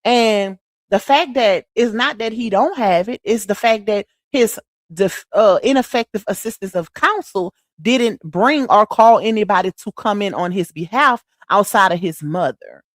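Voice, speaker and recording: A woman's voice: medium pitch, lively intonation, measured pace, no echo. Woman livestream host, casual slangy chat, dry close sound. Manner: chatty, slangy, speaks straight to the chat.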